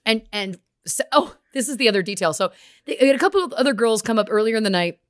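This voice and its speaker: A young adult woman co-hosting a podcast, telling an animated story, acting out the voices of the people in it, and laughing often. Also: on the high side, fast. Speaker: podcast co-host. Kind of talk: casual storytelling chat. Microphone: remote call.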